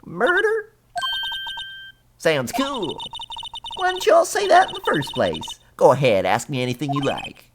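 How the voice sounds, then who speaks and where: Man voicing brash young Southern woman, game character, high squeaky folksy voice, lively pitch, background music. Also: a little slow, long pauses, heavily acted. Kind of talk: reading game dialogue aloud.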